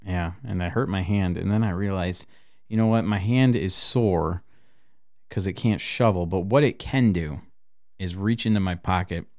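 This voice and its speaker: A man hosting a podcast in loose, profane casual chat, laughing often and bursting with excitement. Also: low voice, normal speed. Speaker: podcast host.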